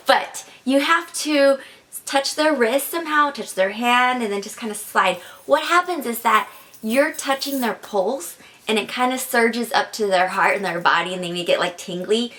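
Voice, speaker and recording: Young woman vlogging advice, kinda high voice, lots of likes and kindas. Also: a bit bright. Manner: chatty, filler-heavy with frequent "like" and "kinda". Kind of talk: casual advice vlog.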